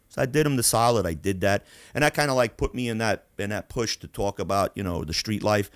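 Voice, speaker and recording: A man from Queens, hosting a podcast and telling stories in a profane, animated way. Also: on the low side, brisk, few pauses, no echo. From Queens, New York. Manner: animated, profane, acts out voices. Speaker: podcast host. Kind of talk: casual storytelling.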